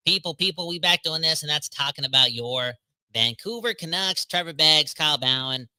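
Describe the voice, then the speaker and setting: A man co-hosting a hockey podcast in casual chat, energetic and slangy, joking with viewers. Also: on the high side, moderate pace. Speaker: podcast co-host.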